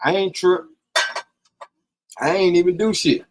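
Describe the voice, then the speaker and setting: A man's voice: high voice, a little slow. A man telling a personal story in casual, profane talk on a live stream, acting out the lines of the people in it. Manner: profane, animated, acts out quoted dialogue.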